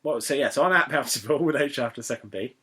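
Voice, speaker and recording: A man's voice: mid-range voice, expressive, quick pace, bright, forceful tone, breathy edge. A young man from England hosting a podcast in casual, rambling, jokey chat that keeps wandering into digressions. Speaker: podcast host.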